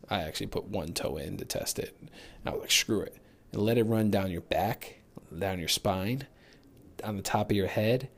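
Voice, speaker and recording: A man with a fairly low voice hosts a solo fitness podcast. He talks in a loose, candid, motivational way and drops the occasional swear word. He is getting over a recent illness. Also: darkish tone. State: recovering from illness. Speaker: fitness coach and podcast host. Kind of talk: casual solo podcast monologue.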